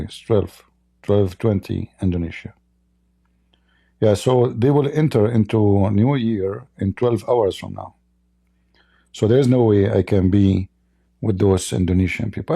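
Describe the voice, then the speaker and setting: A hoarse middle-aged man hosting a casual livestream chat. He mocks, chuckles often, and keeps coughing and clearing his throat as his voice gives out. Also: fairly low pitch, moderate pace, mellow. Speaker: livestream debate host.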